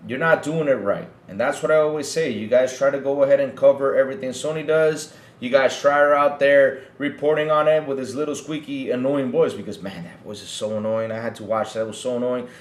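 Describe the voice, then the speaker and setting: A man's voice: mid-range voice, fairly even intonation, fairly quick, hardly any pauses, roomy sound. A man hosting a livestream podcast, ranting heatedly to his chat and often repeating himself. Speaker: podcast host.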